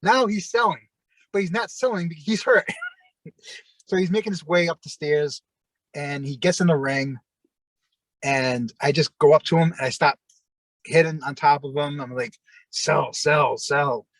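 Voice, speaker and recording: Animated, cursing wrestler telling a story. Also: male voice, fairly high pitch, moderate pace, long pauses, no room sound, poor audio. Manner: animated, profane, acts out his own shouting. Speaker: former pro wrestler, interview guest. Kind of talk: casual storytelling in an interview.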